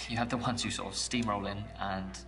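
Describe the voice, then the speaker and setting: An actor with a lowish voice and fairly even intonation plays a shy, mild-mannered male schoolteacher on a blind date, at normal speed and lightly acted. In this dating game dialogue he's hesitant and soft-spoken, with little stammers, and the game audio sounds distant with faint music.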